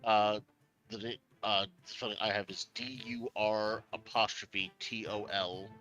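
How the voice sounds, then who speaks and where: Male player, low voice, stiff formal in-character delivery; faint music behind. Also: level tone, a bit bright. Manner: formal, measured in-character speech. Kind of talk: speaking in character at a tabletop game.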